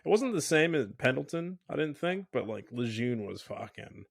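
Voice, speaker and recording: A man hosting a casual podcast chat, easygoing and quick to laugh. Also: medium pitch, sing-song, vocal fry, no room sound. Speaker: podcast host.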